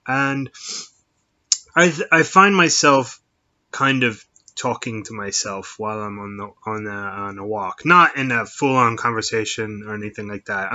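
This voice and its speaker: A middle-aged man chats casually by himself on his own show, rambling with lots of fillers and restarts. His medium-pitched voice has a sharp tone, and the lo-fi recording sounds dull.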